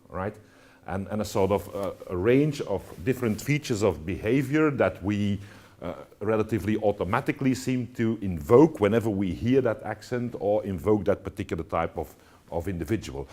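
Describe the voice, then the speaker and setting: A man with a lowish, mellow, animated voice gives a university lecture at a normal pace. He talks to his students with lots of fillers and restarts, often checking in with "all right?".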